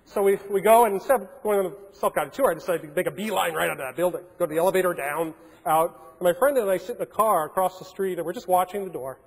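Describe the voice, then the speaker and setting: A man in his forties giving a keynote at a hotel conference, telling animated anecdotes with plenty of fillers. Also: sits high, fast talker, vocal fry, slightly rough. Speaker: keynote speaker. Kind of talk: storytelling keynote. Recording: long reverb of a large hall.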